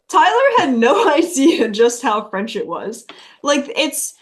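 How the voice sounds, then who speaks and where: A young woman musician in a relaxed podcast chat, her voice sitting high and her pace slow and easy. She tells tour stories casually, laughing often and swearing freely. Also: a little hiss or hum. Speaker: touring musician guest.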